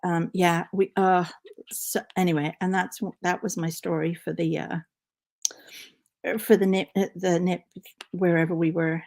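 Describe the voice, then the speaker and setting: A woman's voice: on the low side, flat delivery, measured pace, a little mellow. Chatty woman rambling while knitting. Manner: rambling, chatty, counts stitches aloud. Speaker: knitting livestream host. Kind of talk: casual storytelling while knitting.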